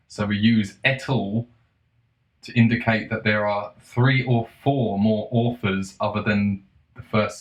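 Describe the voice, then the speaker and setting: A man in the middle of a casual rant, sarcastic and exasperated, dropping swears and the odd laugh. His voice sits at an ordinary middle pitch. The room around him rings with noticeable echo. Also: fairly bright tone. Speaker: vlogger. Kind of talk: casual ranting monologue.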